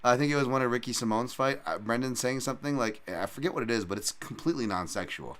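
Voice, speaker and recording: A man's voice: mid-range voice, fast talker, a bit bright. A man hosting a solo fight-betting podcast, talking casually in a profane, rambling and jokey way. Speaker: podcast host and fight analyst.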